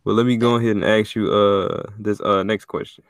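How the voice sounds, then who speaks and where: A man hosting a podcast interview, asking questions and chiming in with relaxed, affirming agreement. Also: lowish voice, a little fast. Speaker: podcast host. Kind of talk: casual chat.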